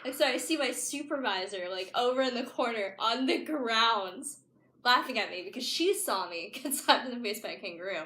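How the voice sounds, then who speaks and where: A woman's voice: on the high side, expressive, moderate pace, pushed and bright, echoey room. A young woman telling a funny story in a casual, chatty way, full of "like"s. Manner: chatty, laughing, many "like"s. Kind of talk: casual anecdote.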